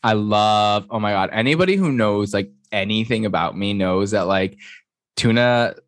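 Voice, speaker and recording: Campy low-voiced man gossiping. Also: moderate pace, no room sound, studio quality. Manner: campy, chatty, swears freely. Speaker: podcast co-host. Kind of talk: casual gossip chat.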